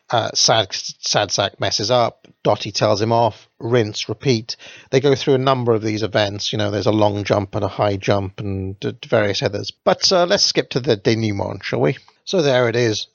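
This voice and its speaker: A man's voice: mid-range voice, vocal fry, no room sound. A man giving a casual, sarcastic run-through of a story, with a dry and mocking manner. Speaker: reviewer summarizing a story. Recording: dull lo-fi dry recording.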